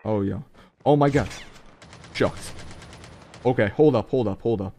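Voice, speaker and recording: A young man giving excitable, slangy live commentary on a mobile shooter game to his viewers, breaking into sudden high yelps. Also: measured pace, slight background noise.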